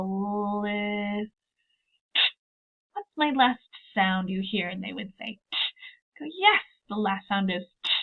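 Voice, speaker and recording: A woman's voice: medium pitch, creaky. Teacher lady walking through a lesson step by step, upbeat, sounds kinda tinny like a phone. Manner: upbeat, models student dialogue step by step. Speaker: teacher trainer. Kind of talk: instructional video lesson.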